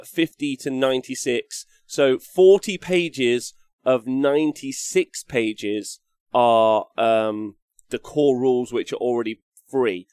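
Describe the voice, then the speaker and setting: A man's voice: medium pitch, smooth, dry recording. An English man hosting a wargaming show, chatting casually and rambling, cracking jokes, swearing now and then, and reading viewer comments aloud. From England. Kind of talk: casual live-stream chat.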